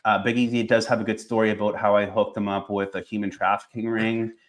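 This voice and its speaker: Easygoing low-voiced man hosting. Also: little pitch movement, fast talker. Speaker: interview host. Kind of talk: casual interview.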